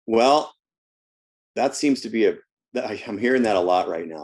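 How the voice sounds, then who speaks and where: A man with a lowish voice talks casually in an interview about his coaching work. He tells stories about his clients and often stumbles and repeats words as he goes. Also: normal speed, darkish tone. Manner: storytelling, repeats words when restarting. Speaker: health coach guest.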